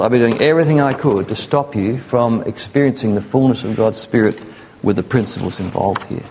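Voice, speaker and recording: A man's voice: on the low side, creaky, a little mellow, a little hiss or hum. A man preaching a sermon in an earnest, conversational way, sometimes acting out the voices of people he quotes. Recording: echoey hall.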